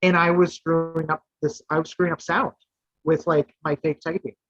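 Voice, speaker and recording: A man, a guest contestant, telling a rambling, animated anecdote in casual chat. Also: fairly high pitch, moderate pace. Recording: dull lo-fi dry audio.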